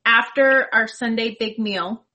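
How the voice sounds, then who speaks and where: A woman co-hosting a casual podcast, calmly explaining family routines. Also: a little high, unhurried, dull audio. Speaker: podcast co-host. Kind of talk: casual chat.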